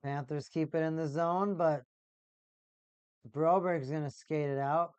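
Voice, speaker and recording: A livestream host giving casual play-by-play commentary on a hockey game for a watch party, an excitable talker who gets loud at big plays. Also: medium pitch, a little slow, clear, resonant tone, no echo, dull audio.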